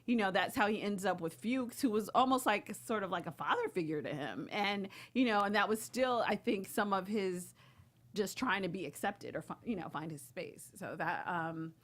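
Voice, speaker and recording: A woman's voice: mid-range voice, animated, moderate pace, a bit bright. A woman co-hosting a casual TV recap chat, enthusiastic and gushing, quoting the show with laughs. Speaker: co-host.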